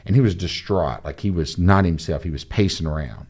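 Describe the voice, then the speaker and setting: A man, a guest on a podcast, telling a personal story in a casual, animated way and acting out the dialogue. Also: low voice, fairly quick, slightly rough. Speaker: podcast guest, entrepreneur and mentor.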